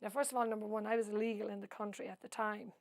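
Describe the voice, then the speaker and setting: A woman's voice: mid-range voice, little pitch movement, racing, no echo. Irish woman, oral-history storyteller, rambling with asides, dry close sound. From Ireland. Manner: long-winded storyteller who adds asides. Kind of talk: rambling spoken recollection.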